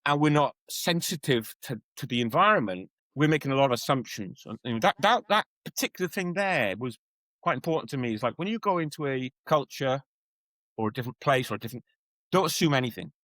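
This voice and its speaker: Animated storytelling man, lively pitch. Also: fast, no echo, rough recording. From Wales. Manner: animated storyteller, acts out quoted voices. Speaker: guest, educator and coach. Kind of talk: conversational podcast interview.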